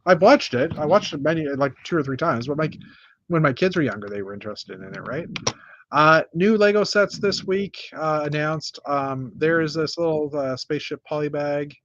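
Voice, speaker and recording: A man's voice: on the high side, moderate pace, fairly bright tone, lo-fi sound, slight background noise. Rambling man hosting a casual chat. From North America. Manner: rambling, lots of uh and restarts, shows builds one by one. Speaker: podcast host.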